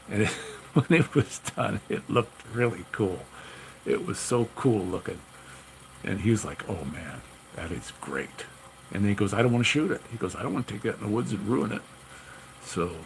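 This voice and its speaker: Man, low gravelly voice, rambling casual storytelling, faint background noise. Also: low-quality recording. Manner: rambling, repeats himself, many "you know"s. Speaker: gunsmith telling stories.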